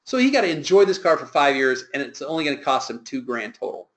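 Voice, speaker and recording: A man's voice: mid-range voice, sing-song, quick pace. A man working as a sales trainer, telling an earnest, emphatic motivational story.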